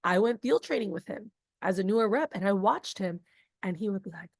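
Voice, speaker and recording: A woman leading a sales training session in an animated, chatty, casual way. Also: mid-range voice, a little fast, creaky, slightly rough, no echo, clean studio sound. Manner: animated, talkative, casual asides. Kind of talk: energetic group training talk.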